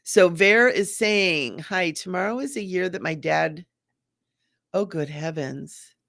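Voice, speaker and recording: A middle-aged woman, a psychic medium, chatting casually and gently during a live reading, repeating her phrases. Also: fairly low pitch, slow pace, vocal fry, no room sound, studio quality.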